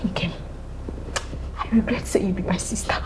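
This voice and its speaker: An actress playing a bitter, struggling older sister, scolding and accusing, with a Nigerian accent. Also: female voice, medium pitch, steady tone, moderate pace, background noise, natural voice. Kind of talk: Nollywood film acting.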